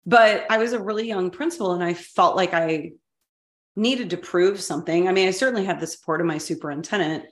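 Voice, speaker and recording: A middle-aged woman talks through an old work story on a casual podcast. Her voice sits a little low, and she is candid and ready to laugh at her own mistakes. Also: a little fast, roomy sound. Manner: candid, self-deprecating, laughs at herself. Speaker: podcast co-host, former school superintendent.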